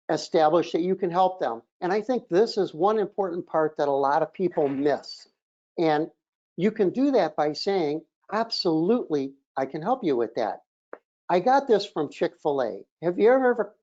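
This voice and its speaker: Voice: medium pitch, dark tone, muffled recording. An auto repair shop trainer giving a webinar presentation in an instructive, emphatic way, often opening a point with "look".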